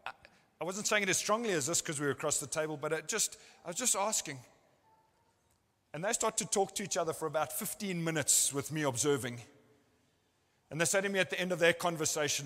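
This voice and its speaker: Male pastor, sermon, earnest storytelling, fairly high voice, ringing church hall reverb. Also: quick pace, sharp tone. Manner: earnest storytelling, acting out what people said. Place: church service.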